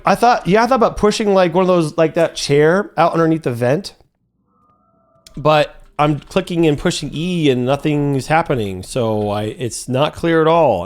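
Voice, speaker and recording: A young man commentating his own gameplay live, talking to his chat and growing frustrated, with sudden high yelps. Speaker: streamer playing a horror game.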